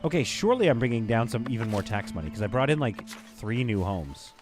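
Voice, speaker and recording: A man's voice: medium pitch, sing-song, a little fast, music in the background. A man streaming a strategy game, rambling and thinking aloud as he chats with his viewers. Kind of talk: casual gameplay commentary.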